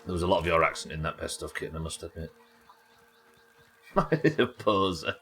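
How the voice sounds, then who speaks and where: A man's voice: low voice, normal speed, pushed and bright, slightly rough, faint music behind. A young man with a Yorkshire accent chatting and swearing casually as he plays a game on a live stream and talks to his chat. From Yorkshire, England. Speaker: livestreamer. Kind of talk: casual gameplay commentary.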